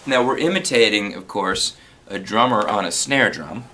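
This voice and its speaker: A man giving a relaxed spoken guitar lesson, explaining strumming and counting beats out loud. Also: fairly low pitch, moderate pace, very noisy. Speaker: guitar teacher.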